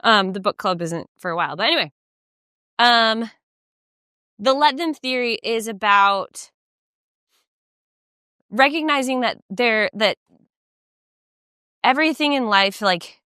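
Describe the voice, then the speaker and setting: A woman's voice: a little high, animated, measured pace, long pauses, sharp tone, clear, resonant tone, no room sound, clean studio sound. Chatty woman rambling through a story. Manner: rambling, filler-heavy storytelling. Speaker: podcast co-host. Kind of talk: casual chat. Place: outdoors, walking by a lake.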